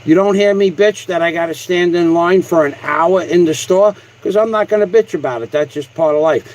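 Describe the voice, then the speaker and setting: A man's voice: a little high, brisk, darkish tone, poor audio. A man on a livestream, ranting angrily, repeating himself and swearing heavily. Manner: angry, repetitive and heavily profane. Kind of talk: profane rant on a livestream.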